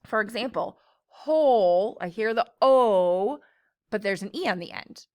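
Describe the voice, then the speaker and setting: A woman teacher leading a phonics lesson for young children, slowly and patiently sounding out each word. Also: medium pitch. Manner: slow, patient, clearly sounding out words.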